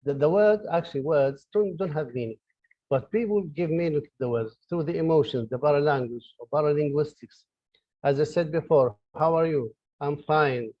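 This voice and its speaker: Speaking a little fast in a voice on the high side, this Libyan professor, a native Arabic speaker, lectures online from his office. His delivery is hesitant, full of fillers and restarts, and the lo-fi recording is dry.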